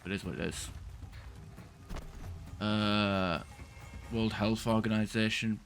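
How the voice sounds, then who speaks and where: A man's voice: lowish voice, steady tone, takes it slowly, vocal fry, a bit bright. A man streaming a game, rambling casually and venting in frustration, with occasional swearing. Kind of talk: casual gameplay chat.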